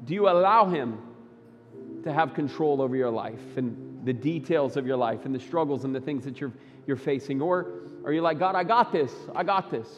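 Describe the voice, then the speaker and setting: A man preaching a Sunday sermon as pastor, emphatic, swinging between loud bursts and quiet low lines. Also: moderate pace, big-room sound, highs cut off. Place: church sanctuary.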